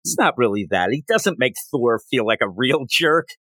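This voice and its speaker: A man hosting a podcast, chatting casually about comic books and retelling scenes with quick voiced quotes. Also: medium pitch, expressive, bright, forceful tone, no echo. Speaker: podcast host. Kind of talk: casual comic book review chat.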